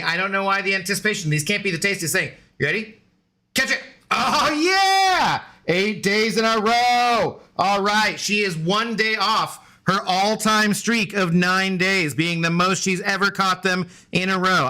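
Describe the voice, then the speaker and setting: A game streamer with a high, sharp-toned voice plays video games on a casual live stream. He chats playfully with both his dog and his viewers.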